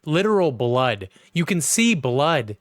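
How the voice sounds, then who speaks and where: A man's voice: on the high side, sing-song, takes it slowly, no room sound. A man co-hosting a podcast, chatting casually and ranting heatedly with lots of swearing. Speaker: podcast co-host. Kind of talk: casual chat.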